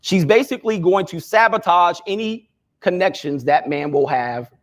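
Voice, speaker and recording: Brief: male commentator in a clip, high voice, steady explaining. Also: normal speed.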